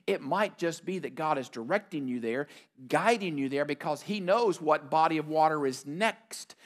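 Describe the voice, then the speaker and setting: A middle-aged man preaching a sermon as pastor, emphatic and repeating his key phrases. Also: a little high.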